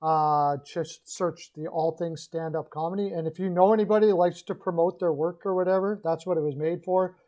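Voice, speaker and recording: A man's voice: fairly high pitch, fairly even intonation, a little fast, few pauses, dark tone. A man hosting a casual hockey livestream, rambling and opinionated, often restarting his sentences. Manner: rambling, opinionated, self-correcting. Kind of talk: casual sports betting and hockey rant.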